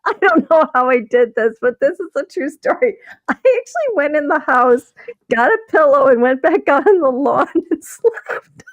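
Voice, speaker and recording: A woman's voice: high voice, sing-song, moderate pace, no echo, muffled recording. A middle-aged woman from the American Midwest, telling rambling stories with laughs and restarts as co-host of a casual stream. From Wisconsin. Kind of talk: casual storytelling chat.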